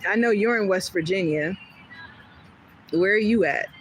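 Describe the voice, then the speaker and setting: A woman hosting a casual livestream from home, chatting with viewers in a rambling, animated way and laughing often. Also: medium pitch, unhurried, slight background noise, rough recording. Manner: chatty and rambling, jumping between topics. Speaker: livestream host. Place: home in California.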